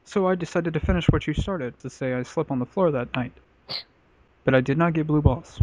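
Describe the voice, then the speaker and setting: A man's voice: on the high side, a little fast, darkish tone, dry recording. A man casually telling a crude personal story on a podcast, rambling with lots of filler words. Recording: dull, lo-fi podcast audio.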